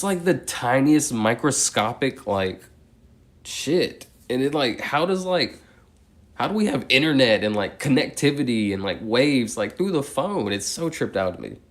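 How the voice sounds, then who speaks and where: A man on a live stream counting numbers aloud, breaking into chatty tangents packed with "like". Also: mid-range voice. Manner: fast, steady number recitation broken by chatty tangents full of "like".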